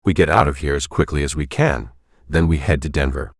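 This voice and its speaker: A man's voice: very deep voice, a little fast, dry recording, studio quality. A man voicing a terse, stubborn, protective father in an audiobook.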